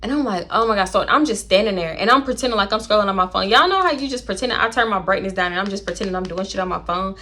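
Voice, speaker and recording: A woman's voice: medium pitch, very fast, few pauses, pushed and bright. A young woman tells a personal story to her audience. She is blunt, chatty and swears freely, talking straight at the camera like she is catching up with friends. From Houston, Texas. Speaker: storytime vlogger.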